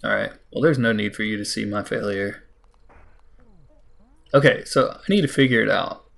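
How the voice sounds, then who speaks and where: An American man giving casual gameplay commentary, talking to the game, mocking himself and breaking into sudden high exclamations. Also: normal speed, gravelly, a bit bright. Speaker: let's play host.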